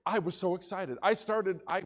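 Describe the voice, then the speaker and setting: A man preaching as a pastor, telling a story in an animated way and shouting when excited, in a church. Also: high voice, normal speed. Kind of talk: storytelling sermon. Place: church sanctuary.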